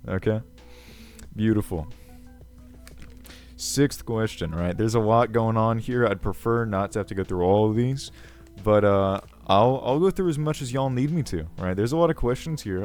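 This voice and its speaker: A man's voice: fairly low pitch, a little mellow, lightly acted. A man playing a pompous goblin king. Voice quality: crackly voice. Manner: pompous, rambling, self-assured. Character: self-important ancient male goblin king. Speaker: video host. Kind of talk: character comedy Q&A.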